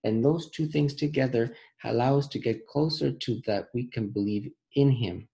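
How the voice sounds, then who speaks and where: Middle-aged male Sunday school teacher; earnest, deliberate verse reading, dark mellow timbre. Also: mid-range voice, vocal fry, rough recording. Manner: earnest, repeats phrases, reads verses slowly. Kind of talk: children's Bible lesson.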